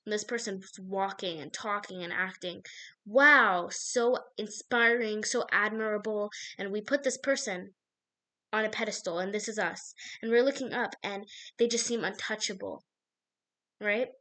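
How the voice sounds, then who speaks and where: A woman's voice: medium pitch, moderate pace, a bit bright. A woman gives an intuitive card reading straight to her viewer. Her talk drifts and circles, full of fillers, and she often breaks off mid-thought to start again. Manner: meandering, filler-heavy, self-interrupting.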